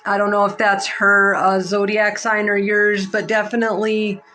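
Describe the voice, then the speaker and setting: A woman giving a live psychic tarot reading, halting and emotional, close to tears, with many fillers. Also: mid-range voice, little pitch movement, sharp tone, soft background music, low-quality recording. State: near tears. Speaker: psychic reader.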